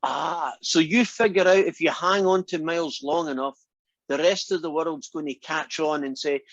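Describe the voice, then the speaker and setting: His voice is a little high and a bit bright, with fairly even intonation and normal speed, and there's no echo. This man teaches math in a chatty, teasing lecture, often asking students questions, on a dull lo-fi recording.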